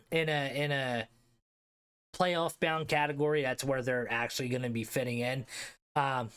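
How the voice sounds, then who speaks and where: This Philadelphia-area man ranks hockey league teams on his live stream in loose, slangy commentary, swearing and answering chat out loud. His voice is a little high, clear, and resonant.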